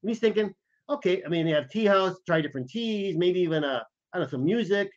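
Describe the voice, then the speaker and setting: Male podcast co-host with a slightly high voice, animated storyteller, dull muffled recording. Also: fast. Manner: animated anecdotes, acts out quoted lines. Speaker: podcast co-host, former intelligence officer.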